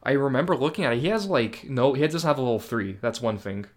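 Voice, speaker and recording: A man's voice: medium pitch, lively intonation, fast. A young man co-hosting a podcast in casual chat, talking with enthusiasm and swearing often. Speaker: podcast co-host.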